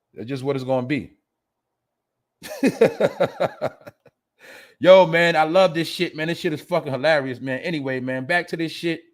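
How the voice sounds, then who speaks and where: A man hosting a podcast, giving animated, profane casual commentary in with laughing asides. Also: mid-range voice. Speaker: podcast host.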